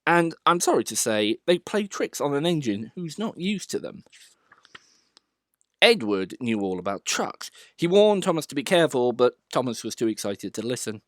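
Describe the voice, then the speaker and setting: A man reading a children's storybook aloud as the narrator, in an expressive way. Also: medium pitch, normal speed, no echo, clean studio sound.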